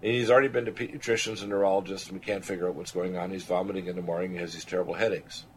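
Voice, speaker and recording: A man's voice: deep voice, rapid-fire, slight background noise. An older man and radio show host telling a personal story with earnest conviction, acting out the voices of people he quotes. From Canada. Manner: earnest, animated testimony, quoting others.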